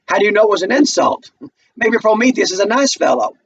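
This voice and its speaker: Guy reading the part of a furious bitter husband, way up high and kinda husky, rants and sneers. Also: very animated, fast talker, muffled recording, full character voice. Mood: mocking. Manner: loud, scornful and ranting. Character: bitter, explosive young husband.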